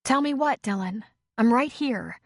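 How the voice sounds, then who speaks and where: A woman voicing a frantic young mother in an audiobook, high and shrill. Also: lively intonation, a little slow, no echo, studio quality. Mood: anxious.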